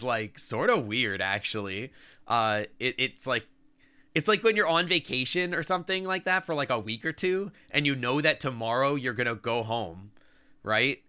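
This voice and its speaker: A man's voice: medium pitch, sharp tone, clear, resonant tone. A man streaming live, chatting casually and sentimentally to his chat, rambling with lots of "like" and "I don't know". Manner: reads and answers chat as he talks.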